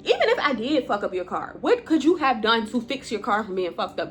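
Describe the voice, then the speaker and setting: A woman's voice: on the high side, big pitch swings, fairly quick, hardly any pauses, a bit bright. A woman telling a personal story in a storytime vlog, blunt and profane, emotional, breaking into laughs now and then.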